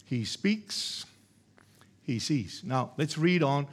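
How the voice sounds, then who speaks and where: A man preaching a sermon, emphatic and repetitive, building from quiet explanation to loud exhortation. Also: medium pitch, expressive, takes it slowly.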